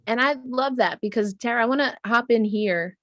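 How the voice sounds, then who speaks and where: A woman's voice: a little high, moderate pace, dry recording, muffled recording. Affirming woman moderating a panel. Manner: affirming, paraphrases and steers the talk. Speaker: host and moderator.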